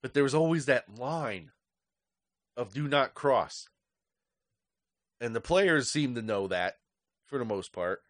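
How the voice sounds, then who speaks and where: A man's voice: medium pitch, lively intonation, slow pace, long pauses, fairly bright tone, no echo, clean studio sound. Angry profane man ranting on a podcast. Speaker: podcast host. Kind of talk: solo podcast rant.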